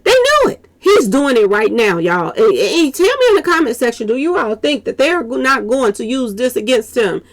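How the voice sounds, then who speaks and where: A woman reacts to a clip for her viewers, her voice pitched a little high and swinging widely. A gravelly edge runs through her talk, and she turns to the audience with "y'all" again and again. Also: normal speed, few pauses. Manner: animated, repeats "y'all" often, talks straight to viewers. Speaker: commentary channel host. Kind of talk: reaction commentary.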